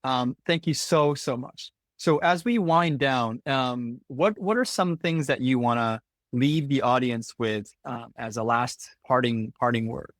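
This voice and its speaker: A man hosting a podcast, thinking aloud in a halting, reflective way, with many restarts. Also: mid-range voice, no room sound. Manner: reflective, halting, laughs often. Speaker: podcast host. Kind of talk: podcast interview.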